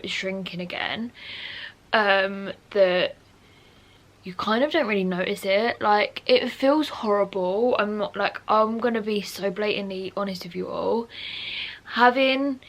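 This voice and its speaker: A woman's voice: medium pitch, a bit bright. A young woman vlogging candidly to camera, rambling frankly with lots of fillers and restarts. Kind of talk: candid personal talk to camera.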